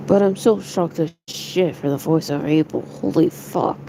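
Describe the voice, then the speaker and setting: A woman's voice: low voice, a little slow, background noise. A young woman streamer chatting casually to her viewers, rambling, giggly and swearing a lot. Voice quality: gravelly fry.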